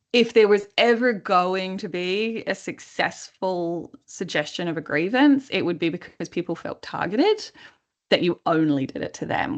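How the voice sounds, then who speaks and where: A woman coach leads a workplace webinar in a slightly low voice. She talks conversationally and keeps checking in with her listeners. She often slips into acted-out snippets of dialogue. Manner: lively, acts out quoted dialogue. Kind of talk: webinar teaching.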